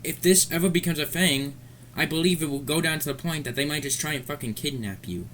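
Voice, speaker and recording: A man's voice: on the high side, fairly quick, fairly bright tone, a little hiss or hum. A man ranting in a commentary vlog, angry, profane and rambling. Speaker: commentary vlogger.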